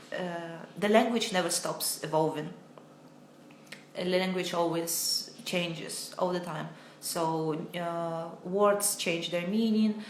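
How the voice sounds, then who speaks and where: A woman's voice: lowish voice, a little hiss or hum. Hesitant woman teacher, roomy echo. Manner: hesitant, many filler sounds, reads viewer comments aloud. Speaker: English teacher. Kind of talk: live online Q&A lesson.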